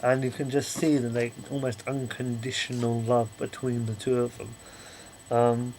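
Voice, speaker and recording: A young man talking straight to camera in a casual vlog review. He rambles and apologizes, restarting his thoughts often, in a middle-pitched voice with some faint noise behind him. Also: flat delivery, moderate pace, darkish tone, rough recording. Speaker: video reviewer.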